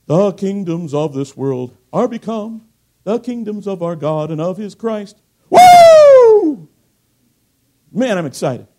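A middle-aged man delivers a sermon in a fairly high voice that still sounds mellow and dark in tone. He swings between loud, emphatic bursts and low, hushed asides. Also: animated, takes it slowly, long pauses. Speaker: preacher.

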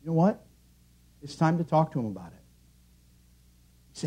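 A middle-aged man preaching a sermon in a church, earnest, rising to loud emphatic peaks and then dropping low. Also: animated, moderate pace, long pauses, breathy edge. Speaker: pastor.

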